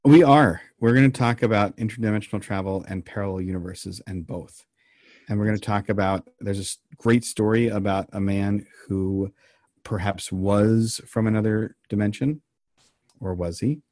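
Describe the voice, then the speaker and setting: Low-ish guy podcasting, dry close sound, deadpan jokes, rambles with lots of ums. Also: moderate pace, dry recording. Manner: deadpan joking, meandering with frequent ums. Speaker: podcast co-host telling the story. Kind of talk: casual banter and storytelling.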